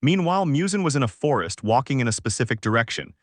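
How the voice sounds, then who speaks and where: Man, story narration, steady even delivery, dry close voice-over. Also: mid-range voice, fast, no echo. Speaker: fanfic narrator. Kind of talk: story reading. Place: voice-over over game footage.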